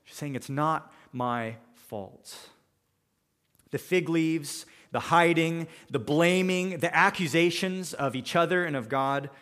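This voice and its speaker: A man's voice: a little high, a bit bright. Preaching man in a reverberant hall. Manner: expository preaching, quoting scripture and paraphrasing characters. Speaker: pastor. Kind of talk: sermon.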